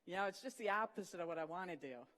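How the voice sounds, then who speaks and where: An earnest preacher delivers a sermon at a mid-range pitch, retelling scripture stories with vivid storytelling and sudden hushed moments for emphasis. The voice rings with the long reverb of a large hall. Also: expressive, racing.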